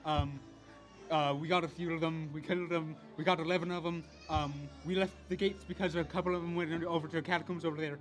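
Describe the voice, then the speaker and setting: A man's voice: fairly high pitch, level tone, quick pace, soft background music, lightly acted. A man voicing a bumbling pirate posing as a guard, in a put-on Irish accent. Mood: bluffing.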